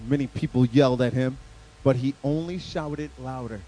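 Guest-preaching at a church service, a man delivers a playful, animated sermon that swings between loud, emphatic bursts and quiet, earnest passages. His voice is mid-range and his pace normal, captured on a low-quality recording.

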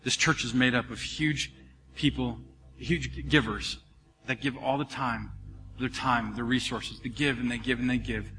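Bright-voiced pastor in a reverberant church. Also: male voice, mid-range voice, moderate pace. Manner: animated, conversational storytelling with asides to the congregation. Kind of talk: sermon. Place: church sanctuary. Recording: long reverb of a large church hall.

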